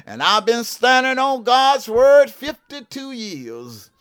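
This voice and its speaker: A man's voice: very high voice, sing-song, slow, a bit bright, smooth. A man in his seventies from Georgia with a Southern accent, making a fervent televangelist appeal, repeating himself and calling out to listeners. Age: 70s. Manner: preachy, repeats "what I'm saying", calls out "yes ma'am, yes sir". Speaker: televangelist prophet. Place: broadcast studio.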